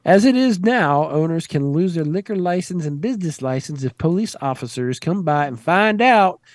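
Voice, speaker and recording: A man's voice: on the high side, animated, moderate pace, dry recording. Irreverent male radio host reading news. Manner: wry, irreverent, swears freely. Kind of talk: casual news read with banter.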